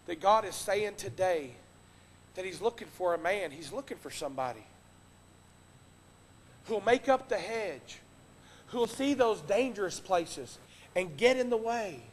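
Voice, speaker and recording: A man preaching a sermon from the pulpit, impassioned, swinging between loud exhortation and hushed earnest tones. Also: sits high, lively intonation, measured pace, pauses often. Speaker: pastor. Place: church sanctuary. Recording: long reverb of a church hall.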